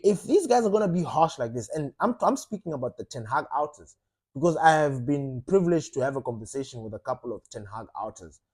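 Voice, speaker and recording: A man rants in a casual, animated monologue as a football fan channel host. His voice sits on the higher side for a man, and he swears casually and circles back to repeat his points. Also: slightly rough.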